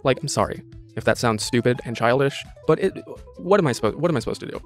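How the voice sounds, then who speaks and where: A man co-hosting a reaction stream, talking in a sarcastic, mocking, halting way. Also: mid-range voice, lively intonation, faint music behind. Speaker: co-host reacting to a video. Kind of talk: casual commentary chat.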